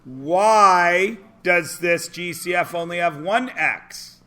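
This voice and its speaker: Man teaching math in a classroom, bright voice, slightly high, jokey and punning. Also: slow pace. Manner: jokey, punning, call-and-response with students. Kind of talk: classroom lecture.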